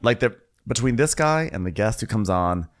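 A man's voice: fairly low pitch, animated, moderate pace. A young man co-hosting a podcast, recapping a reality show with wry humor and frequent laughs. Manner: wry, laughs often, quotes cast members in campy voices. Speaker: podcast co-host.

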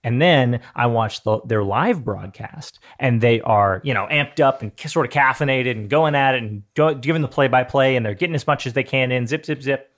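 A man's voice: mid-range voice, normal speed, few pauses, a bit bright. A young man co-hosting a podcast, chatting casually in a rambling, wry, self-deprecating way. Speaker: podcast co-host. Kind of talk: casual chat.

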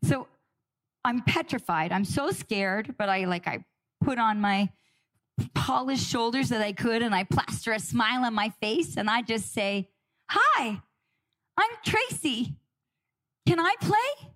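A middle-aged woman telling a personal story with dramatic pauses and emotion. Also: a little high, a bit bright. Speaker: guest speaker.

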